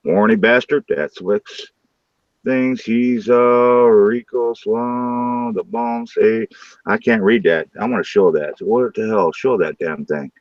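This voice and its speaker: Livestream host, male, low voice, rowdy crude banter, dull lo-fi audio. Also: slow, no echo. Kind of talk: casual live-stream chat.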